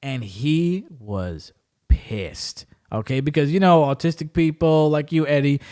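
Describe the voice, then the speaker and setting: A man hosting a podcast, telling stories in an animated way, acting out quotes and laughing often. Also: a little high, unhurried. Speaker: podcast host. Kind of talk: casual chat.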